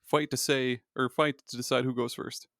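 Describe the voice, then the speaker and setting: A man's voice: mid-range voice, little pitch movement, normal speed, a bit bright, no echo, studio quality. A man hosting a podcast, talking in a loose way, swearing and laughing often. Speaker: podcast host. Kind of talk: casual podcast chat.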